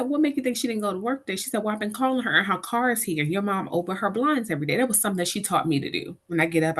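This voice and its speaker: A middle-aged woman's voice, on the low side and slightly rough, carries a personal caregiving story she tells as an interview guest. She is animated and gives voice to each person she mentions.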